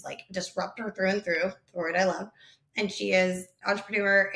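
A woman in a roomy, echoing space tells a story in a relaxed, casual way. She talks fast and loose, with plenty of "like" and restarts. She acts out the voices of the people in her story as she shares her sales tips. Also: mid-range voice. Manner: animated, chatty, many fillers, acts out quotes. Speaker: founder sharing sales advice. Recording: roomy echo.

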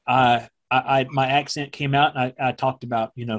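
A middle-aged man, a former television meteorologist, recalling events in a slow, measured way that turns emotional. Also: medium pitch, fairly even intonation. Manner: slow, measured, speaking from the diaphragm. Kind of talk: emotional personal recollection.

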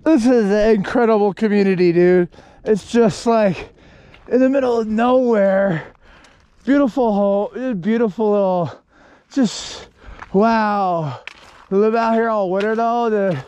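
A long-distance hiker talks to camera while walking along a mountain road, exclaiming, swearing freely, laughing often, and letting out loud whoops in a casual vlog monologue. His voice is high-pitched, slow, and smooth, with no room sound.

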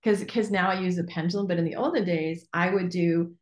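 A woman's voice: fairly low pitch, steady tone, a little fast, a little hiss or hum. A woman coach hosting a group call, talking casually and candidly, laughing often and swearing lightly. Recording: echoey room.

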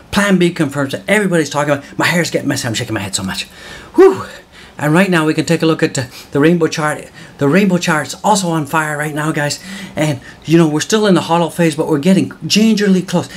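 A man hosting solo market commentary in an excited, exclamatory way, often whooping and calling out to viewers. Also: on the high side, fairly quick. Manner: hyped, exclamatory, whooping, calls viewers guys.

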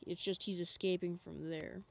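A woman's voice: fairly low pitch, steady tone, normal speed, vocal fry. A woman coaching a friend through a horror game in casual chat, reassuring and guiding. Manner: reassuring, guiding, loose and chatty.

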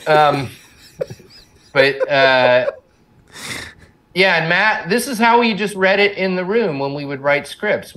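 A man's voice: medium pitch, fairly bright tone. A middle-aged man, a cartoon co-creator, chatting casually as an interview guest, rambling and self-deprecating with frequent laughs.

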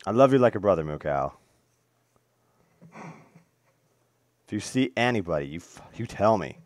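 Excitable young man with lively pitch. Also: unhurried. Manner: excitable, swearing, cooing at in-game animals. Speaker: gaming video host. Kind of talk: casual game commentary.

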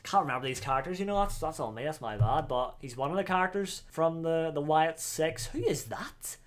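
Brief: male YouTuber, excitable casual reaction commentary, lively ups and downs. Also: on the high side, brisk. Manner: excitable, animated, slangy.

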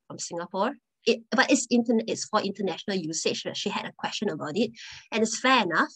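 A woman's voice: mid-range voice, husky, poor audio. Earnest woman giving a storytelling talk. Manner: conversational, earnest, often restarts phrases. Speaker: guest speaker.

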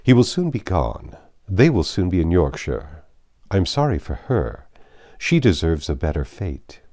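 Man doing a serious tender gentleman from an old novel, low voice, dry sound. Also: very animated, normal speed, no echo. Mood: heartfelt. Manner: grave, heartfelt. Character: older gentleman suitor, grave and tender.

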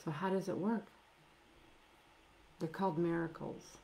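A middle-aged woman preaching a sermon, emphatic, drawing out key words and dropping to soft near-whispers at times. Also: lowish voice, steady tone, creaky, slight background noise. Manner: emphatic, with slow drawn-out stresses and soft near-whispered asides.

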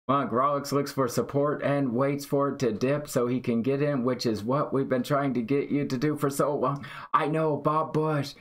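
Guy hosting a trading livestream, hyped, shouting out chat names, mid pitch. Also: normal speed. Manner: excited, hyped, reads chat aloud. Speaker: day-trading livestream host. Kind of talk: live trading commentary.

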